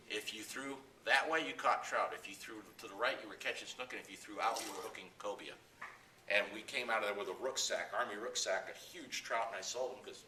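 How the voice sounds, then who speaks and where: A guest speaker at an anglers club tells stories to the club audience as an animated yarn-spinner, acting out quotes and laughing often. His voice is lowish, and the recording is echoey, with him far from the mic and slight background noise.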